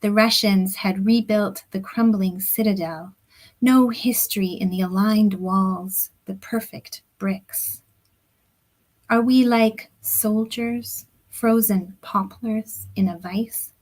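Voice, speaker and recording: A middle-aged woman, a poet, reading her own poems aloud at a book launch over a video call. Her reading is deliberate and measured, and some phrases sink into a soft near-whisper. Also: mid-range voice, fairly even intonation, rough recording. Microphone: computer or headset mic on a video call.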